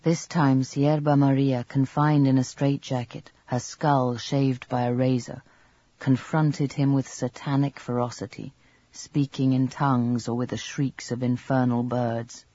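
A man reading a novel aloud as an audiobook narrator, in a measured, even storytelling manner. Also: medium pitch, highs cut off. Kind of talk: scripted narration.

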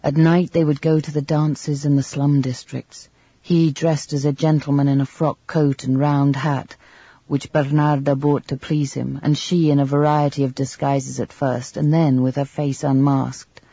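A man narrating a literary novel in a measured, even storytelling manner, on a slightly dull, dry recording. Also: on the high side, vocal fry, slightly rough, no echo. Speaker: audiobook narrator.

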